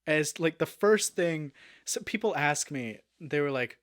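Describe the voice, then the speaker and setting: A young adult man, a guest actor, telling a story in a casual interview, animated, with many fillers and restarts. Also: on the high side, normal speed.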